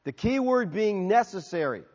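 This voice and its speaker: A man with a high voice preaches a sermon in an easy, conversational way. His words ring out with a long reverb, and the recording sounds dull and lo-fi. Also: big pitch swings, moderate pace. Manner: conversational, storytelling with acted-out shouts. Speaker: pastor.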